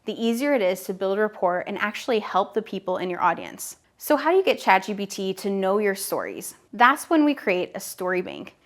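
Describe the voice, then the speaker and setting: This is a woman in her thirties giving a direct-to-camera business lesson. She is upbeat and direct and addresses the viewer personally. Her voice sits at a middling pitch. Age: 30s. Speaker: online business educator. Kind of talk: direct-to-camera teaching video.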